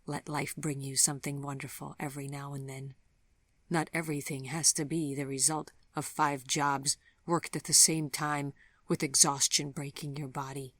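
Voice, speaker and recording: A kindly man in a storybook who speaks softly and calmly, with formal phrasing and a low, hushed voice, as a woman narrator voices him. The voice is close and dry, with no room around it. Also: normal speed, dry recording. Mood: gentle calm. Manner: quiet, calm, formal. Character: gentle, soft-spoken kindly man.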